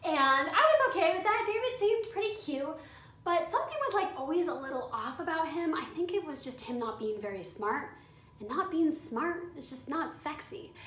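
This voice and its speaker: High-voiced chatty woman vlogging. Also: expressive, moderate pace, a bit bright, a little hiss or hum. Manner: chatty, candid, heavy use of "like". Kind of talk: storytime vlog. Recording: echoey room, away from mic.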